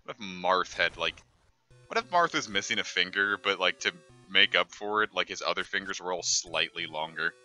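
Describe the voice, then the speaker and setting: Sharp-voiced, rambling joking male streamer. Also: low-pitched, moderate pace, faint music behind. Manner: joking, rambling asides with many fillers. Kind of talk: casual gameplay commentary.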